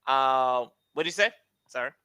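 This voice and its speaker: An American man and English teacher chatting over a video call, telling animated travel stories with frequent laughs. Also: medium pitch, normal speed, clear, resonant tone. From United States. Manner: animated storyteller, laughs often, acts out voices. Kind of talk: casual video-call conversation.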